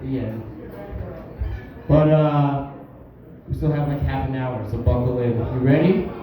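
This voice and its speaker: A man hosting a bar comedy night, joking loudly with the crowd as he introduces comics. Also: mid-range voice, a little slow, narrow, tinny audio, music in the background. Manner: loud, joking crowd work. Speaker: comedy show host. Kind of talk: stand-up emcee banter. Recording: echoey distant room recording with crowd.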